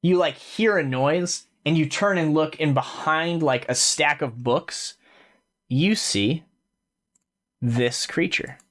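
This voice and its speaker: A man's voice: on the high side, slow, fairly bright tone. A man narrating and running a tabletop fantasy game as game master, in a casual way with many fillers.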